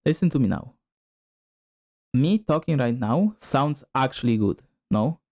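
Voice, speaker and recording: A man's voice: mid-range voice, expressive, measured pace, a little mellow. Rambling male streamer testing his mic. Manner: rambling, filler-heavy, moves toward and away from the mic. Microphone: desk microphone, distance shifting.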